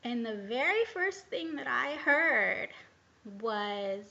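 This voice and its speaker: A woman's voice: a little high, slow pace, vocal fry, sharp tone, dull audio. A woman telling a personal story in a casual vlog, rambling and candid with many hesitations. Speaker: vlogger.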